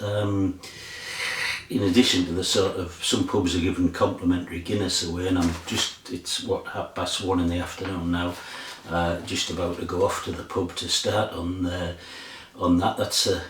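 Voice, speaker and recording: An older man chatting casually about his record collection, rambling with lots of fillers and restarts. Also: sits low. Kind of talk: casual chat. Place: room in front of a record collection. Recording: roomy sound from a distant mic.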